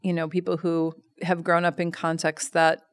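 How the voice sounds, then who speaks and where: A woman guest on an interview, an educator who tells stories in a lively, animated way with many fillers. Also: on the low side, moderate pace. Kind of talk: conversational interview.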